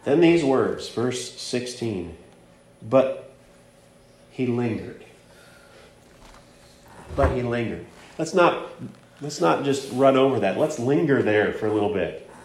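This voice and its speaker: Slow-speaking preacher man in a roomy echo. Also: mid-range voice, animated. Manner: prayerful and hushed, then emphatic and rising. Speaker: pastor. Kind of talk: sermon.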